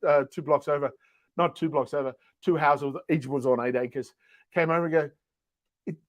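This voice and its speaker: A man's voice: a little high, fairly even intonation, a little fast, no room sound. Playful man co-hosting a chat show. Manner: playful storytelling, mimics animals and neighbors. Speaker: co-host. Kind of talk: casual chat.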